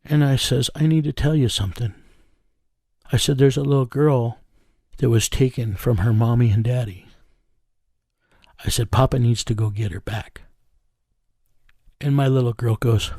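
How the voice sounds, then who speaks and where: A middle-aged man telling a personal story in an interview, slow, earnest and plain-spoken. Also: medium pitch, warm tone, dry recording, clean studio sound. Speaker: interview guest. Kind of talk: reflective storytelling.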